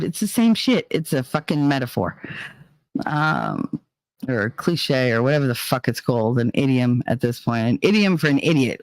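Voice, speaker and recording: A woman's voice: rumbling low, big pitch swings, normal speed, no echo. A woman hosting a casual livestream chat, venting bluntly and swearing heavily as she talks. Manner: profane, heated and blunt. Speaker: livestream host.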